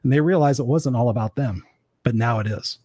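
A man talks quickly in a husky voice, heard dry and close with no room sound. He hosts a casual coaching chat and keeps it animated, swearing freely and slipping into quoted voices. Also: medium pitch, no room sound. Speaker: podcast host.

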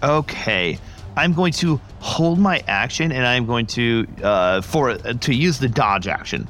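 A man playing a tabletop game, excitable and quick to swear and laugh. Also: medium pitch, faint music behind. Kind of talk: casual game-night chat.

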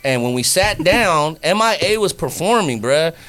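Brief: male podcast guest, Northern California accent, slangy, lively raconteur. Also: a little high, moderate pace. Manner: slangy, animated storyteller who acts out quotes. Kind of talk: casual storytelling.

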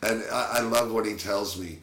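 A man's voice: fairly low pitch, moderate pace. A man, a former baseball catcher, telling stories from his career in a casual interview and laughing often. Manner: animated anecdote teller, laughs often. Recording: roomy echo.

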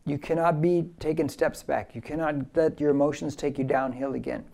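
Gravelly-voiced male pastor preaching. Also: on the high side, a little fast, hardly any pauses, mellow. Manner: emphatic preaching, leads the audience in repeating phrases. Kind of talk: verse-by-verse sermon.

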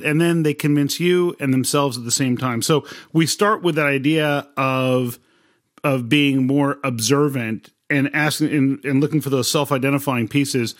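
A man hosting an interview who asks questions and adds his own points in a relaxed way. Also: mid-range voice, normal speed. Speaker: host, interviewer. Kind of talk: interview, conversational.

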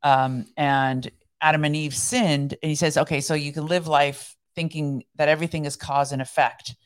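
Brief: female podcast co-host, deep voice, chatty explainer. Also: fairly even intonation, moderate pace. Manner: explanatory, chatty, laughs easily. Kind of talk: casual chat.

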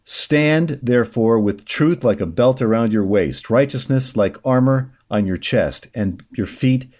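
Male talk host, mid-pitch, reads the news and jumps in with sarcastic, indignant asides. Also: unhurried, a little mellow. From upstate New York. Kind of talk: opinionated news commentary.

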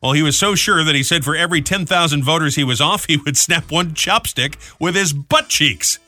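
A man hosting a casual comedy chat, telling odd news stories in an animated, jokey way. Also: on the high side, brisk, no room sound. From United States. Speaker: radio show host.

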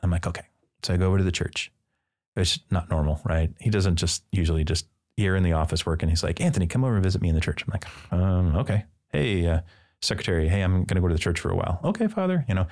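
A man's voice: sits low, fairly even intonation, quick pace, a little mellow. A man, a priest and podcast guest, telling a personal story in casual conversation and acting out the dialogue with playful asides. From Midwestern United States.

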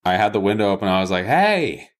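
Deep-voiced joking young man. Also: flat delivery, racing. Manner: joking, self-deprecating, acts out voices. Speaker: podcast co-host. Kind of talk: casual chat.

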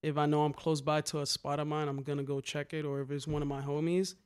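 A young man telling graffiti stories in casual chat, animated and slangy, swearing freely. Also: on the high side, quick pace, clear, resonant tone. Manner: animated, slangy, swears a lot, repeats "a hundred percent".

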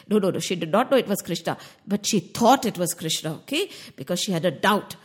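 Animated woman telling a kids' story. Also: medium pitch, fairly quick, breathy edge. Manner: playful, expressive, talks to young listeners.

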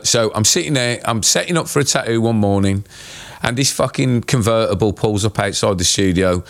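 A man's voice: lowish voice, fairly bright tone. A man, a tattoo artist telling anecdotes in a casual podcast chat, rambling with many fillers.

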